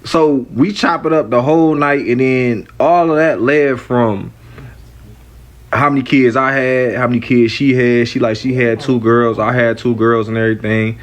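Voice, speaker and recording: A man's voice: mid-range voice, steady tone, normal speed. A man telling a loose, joking storytime. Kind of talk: casual storytime.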